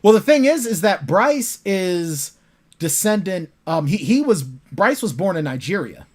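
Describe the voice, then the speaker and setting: Animated male author telling stories. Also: high voice, unhurried. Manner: animated storytelling, acts out his characters. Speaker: author guest. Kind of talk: casual interview chat.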